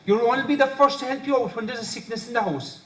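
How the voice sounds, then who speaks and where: An actor playing a polite, gentle Irish countryman who stammers and apologizes, on stage. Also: extremely high pitch, fast talker. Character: kindly, polite wandering young countryman. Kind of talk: amateur stage play. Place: stage in a hall. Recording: echoey hall from far off.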